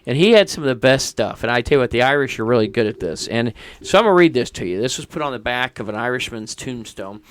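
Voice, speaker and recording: A man co-hosting a ghost story podcast, telling stories in an animated, casual way. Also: mid-range voice, fast, few pauses, clear, resonant tone. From United States. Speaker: podcast co-host. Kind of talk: casual chat.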